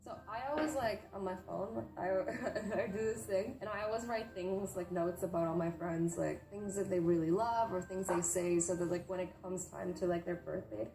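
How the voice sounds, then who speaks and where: A woman's voice: medium pitch, fairly even intonation, normal speed. A woman in her twenties gives casual reaction commentary as a YouTuber, chatty and gushing, often filling with "like" and restarting her sentences. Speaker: YouTuber reacting to wholesome posts. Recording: roomy echo, faint background noise.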